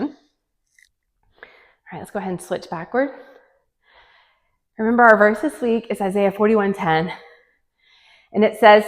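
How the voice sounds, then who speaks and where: A fitness instructor leads a guided home workout, chatty and encouraging, counting reps and sometimes out of breath. Her medium-pitched voice keeps a measured pace with frequent pauses, and the echoey room adds long reverb.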